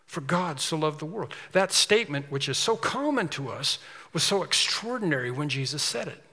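Male preacher, slightly high, bright forceful voice, emphatic sermon delivery with long hall reverb. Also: lively intonation, moderate pace, breathy edge. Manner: emphatic, repetitive preaching with rising intensity.

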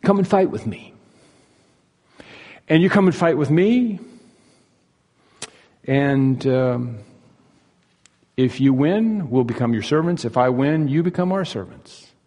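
A man voicing a giant warrior who shouts a defiant challenge in a loud, raised voice, in a reverberant hall. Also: medium pitch, animated, measured pace. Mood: bellowing defiance.

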